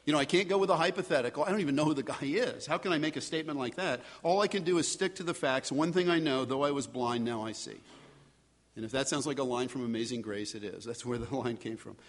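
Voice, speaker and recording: A man preaching a sermon in a relaxed, conversational way, now and then acting out the voices of the people in the story. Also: medium pitch, fast, hardly any pauses, slightly rough. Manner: conversational, animated, acts out voices of biblical figures. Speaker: pastor. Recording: long hall reverb.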